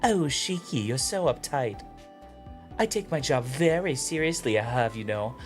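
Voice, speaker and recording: A man's voice: medium pitch, expressive, normal speed, soft background music, voice pushed up, natural voice. A man voicing a playful young woman teacher in a light, lilting, teasing voice.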